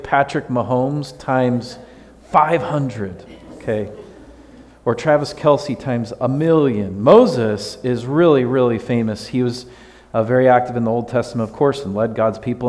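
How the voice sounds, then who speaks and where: A man leads a children's sermon in a church sanctuary, joking and throwing questions at the kids. His voice sits at an ordinary pitch, and it rings with the long reverb of the hall. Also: a little mellow. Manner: playful, chatty, asks the kids questions. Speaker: pastor giving a children's sermon. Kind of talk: casual children's sermon to a congregation.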